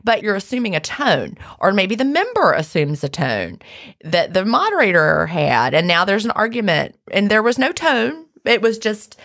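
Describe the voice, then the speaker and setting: A woman in a relaxed talk, drawing on her own experience. She speaks reflectively and sums things up as simple, practical rules. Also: mid-range voice, normal speed. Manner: reflective, advice-giving. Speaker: former online group moderator. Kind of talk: casual chat.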